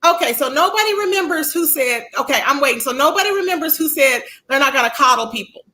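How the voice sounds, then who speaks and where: A woman's voice: high-pitched, animated, fast talker, sharp tone, low-quality recording. A woman hosting a casual livestream, chatting in a sassy, talkative way and reading out viewers' chat comments. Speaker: livestream host.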